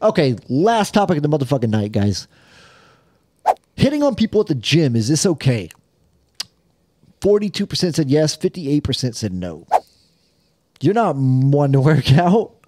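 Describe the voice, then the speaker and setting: A man's voice: on the high side, big pitch swings, moderate pace, pauses often, darkish tone, no echo. A young man co-hosting a podcast in casual chat, crude and joking, laughing often as he talks. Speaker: podcast co-host.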